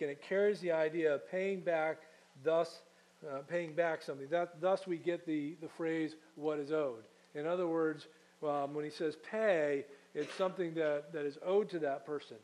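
A man's voice: a little high, darkish tone, low-quality recording. A man preaching a sermon as pastor, teaching in a conversational way and putting questions to his congregation.

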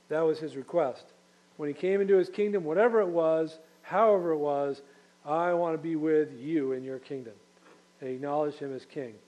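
A man delivers a sermon in a church, speaking conversationally and repeating key lines for emphasis. His voice sits a little high but sounds mellow and warm. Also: low-quality recording. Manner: conversational preaching with repeated phrases. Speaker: pastor.

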